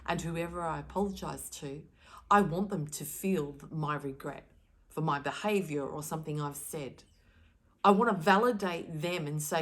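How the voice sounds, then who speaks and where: A woman with a low, deep-set voice shares a spiritual message straight to the camera. She talks in an earnest, emphatic way, stressing the words she cares about. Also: moderate pace, a bit bright. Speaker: spiritual card reader.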